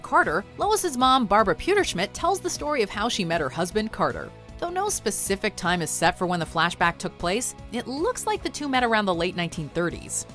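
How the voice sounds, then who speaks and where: A woman reading a scripted countdown narration with a wry, lively delivery. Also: medium pitch.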